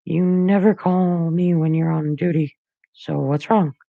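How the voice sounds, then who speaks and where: A man's voice: steady tone, unhurried, vocal fry, no echo, phone-quality sound. A man doing a frantic, pleading teen boy. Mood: anxious. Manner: high strained pleading voice, breaking into sobs.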